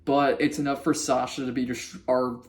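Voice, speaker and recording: A man's voice: mid-range voice, little pitch movement, moderate pace. A man talks through a cartoon episode in a loose, casual recap. He rambles, circles back and restarts his sentences, laughing now and then as he goes. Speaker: vlogger reviewing a cartoon episode.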